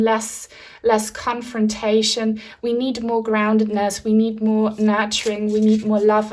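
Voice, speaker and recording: A woman's voice: medium pitch, a little mellow. A woman giving a pick-a-card tarot reading in a soothing, reassuring spiritual tone. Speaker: tarot reader.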